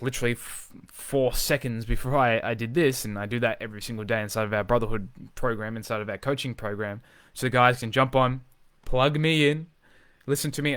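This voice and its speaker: A man coaching in a live, unscripted video, talking with energy and driving points home by repeating himself, swearing as he goes. His voice is smooth and resonant at a middling pitch. The sound is dry and close. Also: no room sound. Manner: energetic, emphatic, swears freely, repeats phrases for emphasis. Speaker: social confidence coach.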